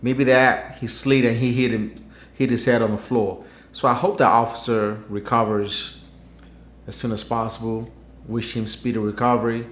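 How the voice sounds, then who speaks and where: A man's voice: medium pitch, flat delivery, moderate pace. A man hosting his own channel, giving wry, skeptical commentary in a conversational way. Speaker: channel host. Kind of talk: news commentary vlog. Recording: roomy, echoey room.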